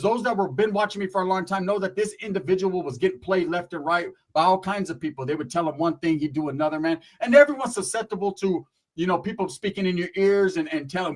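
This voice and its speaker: This young man from Northern California has a voice that sits high, and he uses his YouTube livestream for a blunt, profane rant peppered with "right?" and "bro." The audio is poor.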